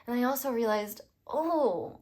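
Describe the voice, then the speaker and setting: A woman's voice: fairly high pitch, expressive, a little slow, darkish tone. Giggly, rambling young woman tarot reader. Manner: giggly, rambling, self-deprecating. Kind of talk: casual chatty tarot reading.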